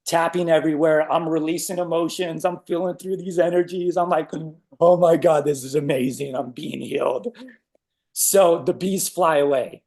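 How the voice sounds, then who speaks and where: Animated man telling a story, higher voice. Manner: animated, acts out his own reactions. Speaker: guest sharing a story. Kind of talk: casual personal storytelling.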